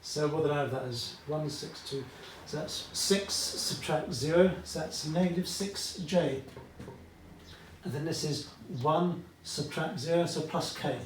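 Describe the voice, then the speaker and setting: A man's voice: a little high, unhurried, a little hiss or hum. A British man teaching a maths lesson at a whiteboard, chatty and fond of asides, checking in with "okay?" often. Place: classroom with whiteboard. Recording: echoey room, voice from far off.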